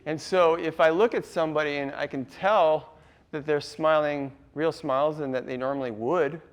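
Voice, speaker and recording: A man's voice: on the high side, fairly even intonation, moderate pace, smooth. A man presenting a casual workshop to a live audience, laughing often and quizzing the room.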